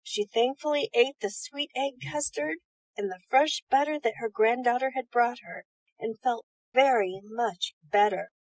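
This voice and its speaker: A woman reading bedtime stories aloud in a gentle, soothing manner. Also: a little high, unhurried, dry recording, rough recording. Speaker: storyteller.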